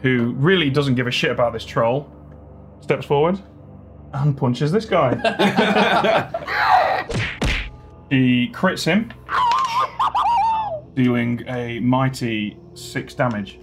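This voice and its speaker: A man narrates a tabletop fantasy game as its dungeon master. His voice sits at an ordinary middle pitch. He paints scenes calmly and walks players through the rules with patience. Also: slow pace, long pauses, very noisy. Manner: calm descriptive storytelling, explains rules patiently.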